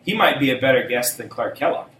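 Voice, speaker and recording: Teasing middle-aged podcast co-host. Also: male voice, medium pitch, lively intonation, quick pace, fairly bright tone. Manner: teasing, dry banter. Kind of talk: casual chat. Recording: roomy, distant mic with faint noise.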